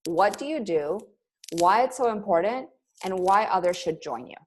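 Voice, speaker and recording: A woman's voice: medium pitch, lively intonation, moderate pace, slight background noise. A middle-aged woman running a coaching webinar over a video call, upbeat and pep-talking, often breaking into laughter. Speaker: business coach for yoga teachers.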